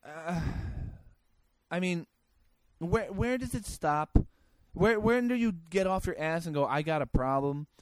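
A male host tears through odd news stories with crude, sarcastic rants and mock disbelief. His voice sits somewhat high for a man and sounds close and dry, with no room echo. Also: lively intonation, unhurried. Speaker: podcast host. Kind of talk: comedic news commentary.

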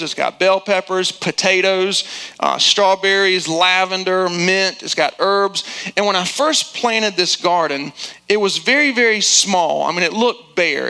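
A male pastor delivers an emphatic sermon in a high, bright voice. He drags out his key lines and leans hard on repetition to drive each point home. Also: creaky, clean tone, low-quality recording. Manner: acts out quotes in a high squealing voice.

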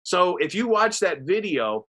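A man's voice: high-pitched, unhurried. A man telling a long, rambling anecdote in casual chat, acting out what people said. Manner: rambling, animated, acts out quotes. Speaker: storyteller guest.

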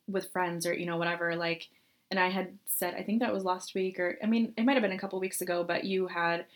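A woman's voice: lowish voice, fairly even intonation, fairly quick. A young woman co-hosting a casual chat, telling a long story with lots of laughs and acted-out quotes. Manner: chatty storyteller, laughs often, acts out quotes. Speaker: podcast co-host.

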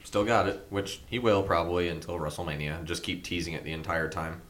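A man with a very deep voice and a bright, forceful edge, giving dry, blunt opinions in a casual chat about wrestling. He keeps his verdicts short and matter-of-fact. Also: fairly even intonation, fairly quick. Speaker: podcast co-host.

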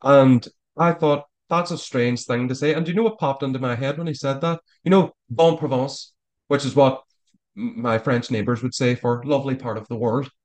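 A man's voice: medium pitch, fairly quick. A man talking as a guest in a casual interview, rambling with frequent stammered restarts. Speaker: author guest.

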